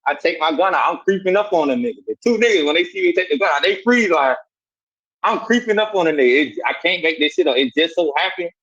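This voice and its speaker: A man's voice: fairly high pitch, quick pace, slightly rough. A man from Savannah with a Southern accent, telling a street story in casual talk and acting out the voices in it. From Savannah, Georgia. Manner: animated, acts out voices in quotes. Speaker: guest telling his life story. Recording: dull lo-fi sound.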